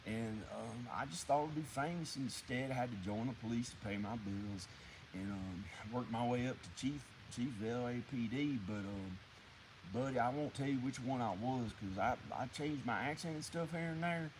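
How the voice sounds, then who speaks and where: A man voicing an older drifter who tells his story haltingly, with many pauses and ums. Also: mid-range voice, background noise, pitched below the performer's own voice, close to an everyday voice. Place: woods outdoors.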